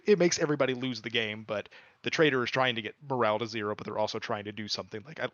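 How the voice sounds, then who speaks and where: A man's voice: medium pitch, fairly bright tone, no echo. Casual streamer, male, rambly and filler-heavy, dull dry mic sound. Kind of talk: casual chat.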